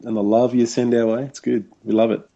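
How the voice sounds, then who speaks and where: A man's voice: mid-range voice, little pitch movement, brisk, vocal fry, dark tone, highs cut off. An Australian man co-hosting a casual sports chat, easygoing and chuckling, with hesitant fillers. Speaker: podcast co-host. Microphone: call recording.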